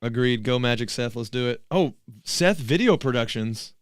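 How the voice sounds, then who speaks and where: A man's voice: mid-range voice, animated, moderate pace, clean tone, no room sound, clean studio sound. A man co-hosting a basketball podcast, chatting casually and joking while watching a live game. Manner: jokey, chatty, reacts to plays. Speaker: podcast co-host.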